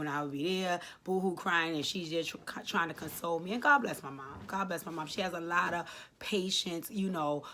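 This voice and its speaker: A woman's voice: sits low, a bit bright, slight background noise. A woman in her late thirties giving heartfelt advice to camera, earnest and emotional, repeating key phrases for emphasis. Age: late 30s. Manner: speaks directly to viewers, informal. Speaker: advice vlogger answering a letter.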